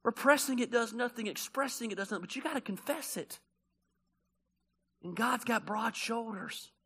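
A male pastor preaching a sermon, animated and conversational, blunt and joking, swinging from loud bursts to quiet asides. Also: extremely high pitch, moderate pace, husky.

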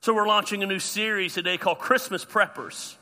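Guy pastor, high bright voice, jokey animated sermon. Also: brisk. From US South. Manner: animated, self-deprecating humor.

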